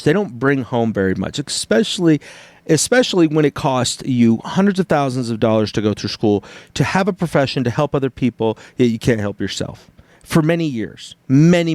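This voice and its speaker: A man's voice: mid-range voice, moderate pace, no room sound. A man co-hosting a casual podcast chat, explaining things animatedly and acting out different tones of voice. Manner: animated, acts out tones and inflections while explaining. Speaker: podcast co-host.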